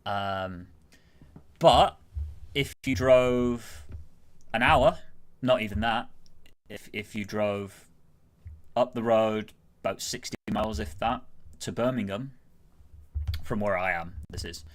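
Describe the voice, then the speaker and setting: A low-pitched man with a Greater Manchester accent talks casually on a live stream. He rambles through his points, full of fillers and restarts. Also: measured pace, long pauses. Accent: Greater Manchester English. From Greater Manchester, England. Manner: rambling and chatty, with lots of fillers and self-corrections. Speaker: guest streamer.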